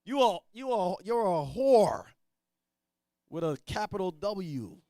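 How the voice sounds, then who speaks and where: A man with a very high voice teaches from scripture in a blunt, street-style way. He drops to quiet asides, then rises to loud declarations. The sound is dry and close, with no room echo. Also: sing-song, takes it slowly. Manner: blunt, preachy, swings from mutters to shouts. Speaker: teacher leading a Bible reading.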